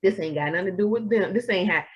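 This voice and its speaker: A young woman, co-hosting a podcast in casual chat, animated and acting out her own inner voice. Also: medium pitch, fast talker, highs cut off. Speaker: podcast co-host.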